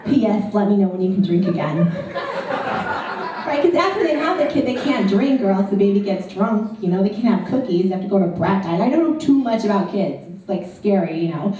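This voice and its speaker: A woman's voice: medium pitch, lively intonation, a little fast, mellow, heavy reverb, far from the mic, slight background noise, low-quality recording. A woman performing a stand-up comedy set in a club, chatty and ironic, full of "like" and "you know".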